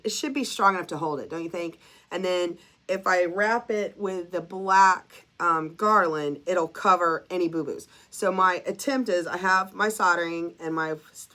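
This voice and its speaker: A woman with a lowish voice and a sharp tone narrates a DIY craft project as a craft vlogger. She's casual, chatty and self-deprecating, thinking aloud while she works and sniffling a little.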